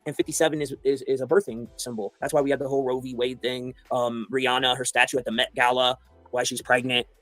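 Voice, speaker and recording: A man co-hosting a casual livestream, eager and rapid-fire, piling one claim onto the next. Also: mid-range voice, little pitch movement, a bit bright, no echo, soft background music. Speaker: podcast co-host. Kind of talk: casual conspiracy talk livestream.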